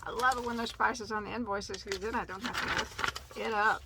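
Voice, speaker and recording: A woman's voice: mid-range voice, steady tone, brisk, vocal fry, noisy background. A woman hosting a casual yarn haul video, chatty and tripping over yarn names. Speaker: crochet channel host.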